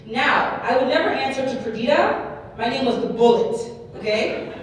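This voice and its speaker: A woman giving a keynote speech, telling her story in a lively way and often checking in with the audience. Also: sits high, normal speed, a little hiss or hum. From Canada. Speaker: keynote speaker. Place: large hall before an audience. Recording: echoey hall, mic far off.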